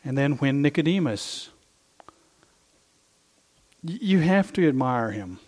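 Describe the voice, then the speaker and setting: A man's voice: mid-range voice, big pitch swings, slow pace, darkish tone. A middle-aged male pastor preaching a sermon, impassioned and emphatic, repeating his phrases for effect.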